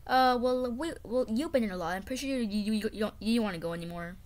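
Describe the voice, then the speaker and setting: A woman's voice: fairly high pitch, fast talker, slight background noise, lightly acted. Gumby, a woman doing a cheerful clay boy. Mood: excited. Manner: stammering, excited baby talk to a pet. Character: cheerful clay boy, carefree and thoughtless toward his friend. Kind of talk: home toy play-acting.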